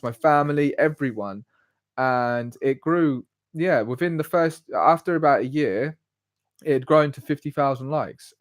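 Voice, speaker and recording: A man's voice: mid-range voice, dry recording, clean studio sound. Rambling young Englishman streaming live. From England. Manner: rambling, goes off on tangents. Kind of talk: casual solo livestream chat.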